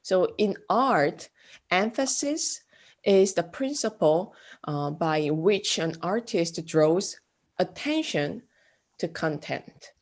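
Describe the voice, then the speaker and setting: A woman giving a classroom art lecture, speaking haltingly with many fillers. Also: fairly low pitch, expressive. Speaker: art instructor.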